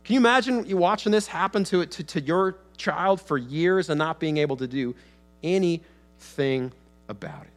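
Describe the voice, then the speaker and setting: A male pastor delivering a sermon in a church sanctuary. His voice sits a little high for a man, and he talks in an easygoing, conversational way, often restarting phrases and acting out the people in the story. A faint electrical hum runs underneath the recording. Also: normal speed, faint music behind. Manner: conversational with frequent restarts and acted-out quotes.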